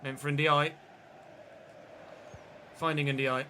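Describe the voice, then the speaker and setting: Very slow and level, his fairly high voice has a sharp edge as he commentates live on a football video game he's streaming. Frequent swearing and frustrated outbursts punctuate the play-by-play, and a faint hiss or hum is audible.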